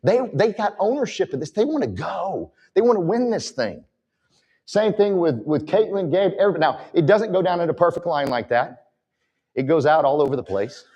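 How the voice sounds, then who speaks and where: A man's voice: on the high side, darkish tone, slightly rough. A man giving a motivational talk from a conference stage, emphatic and direct with the audience. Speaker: conference speaker.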